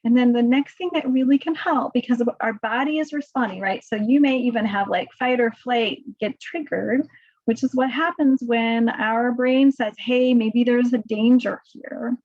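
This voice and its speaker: A woman giving a relaxed webinar talk on handling emotions, full of "like" and "right?". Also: on the high side, normal speed, dry recording, narrow, tinny audio. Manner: conversational, filler-heavy, says "right?" and "like" often. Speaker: presenter on coping with emotions in research.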